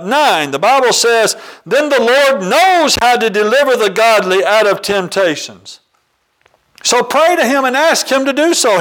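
Male pastor, sermon delivery, earnest, homely examples, expressive high voice. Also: rough recording. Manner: earnest, quotes scripture with chapter and verse; uses homely examples, occasional ums. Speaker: preacher.

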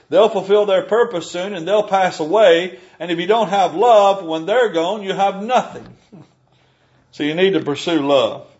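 A man's voice: high-pitched, darkish tone, lo-fi sound. A man preaching a sermon, earnest and emphatic, reading scripture aloud.

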